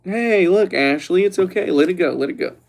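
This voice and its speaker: A young man hosting a livestream who chats loosely and teases the viewers while reading their comments aloud, relaxed after a few glasses of red wine. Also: high voice, brisk, creaky, slight background noise. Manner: joking, teasing, reads chat aloud. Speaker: livestream host. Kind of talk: casual livestream chat.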